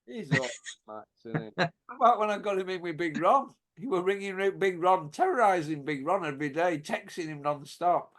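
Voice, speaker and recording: A man's voice: high voice, lively intonation, brisk. A man, hosting a casual chat and telling rambling, laughing anecdotes with plenty of swearing. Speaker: podcast host.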